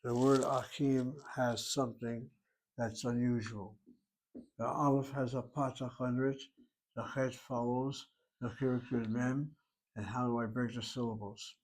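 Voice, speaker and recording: A man's voice: medium pitch, level tone, a little slow, a little mellow. A man teaching a recorded language lesson, working through each word aloud, step by step and methodically. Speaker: Hebrew teacher.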